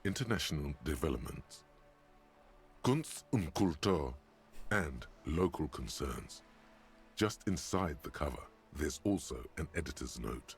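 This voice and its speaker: A man voicing a wry, deadpan narrator in a detective video game, with a dry, sardonic delivery. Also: rumbling low, unhurried, soft background music, full character voice.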